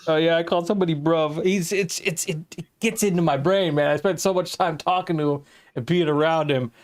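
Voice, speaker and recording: A man's voice: a little high, steady tone, fairly quick. An American man co-hosting a podcast in casual chat, rambling and laughing often, with some swearing. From United States. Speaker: podcast co-host.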